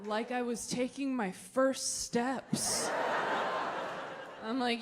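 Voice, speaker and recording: A young stand-up comedian from Los Angeles, United States, fires off self-mocking punchlines and stretches out quoted lines on a comedy club stage before a live audience. Her fairly high voice is fairly even in intonation, very slow, with frequent pauses. Audience noise and crowd laughter sound behind her.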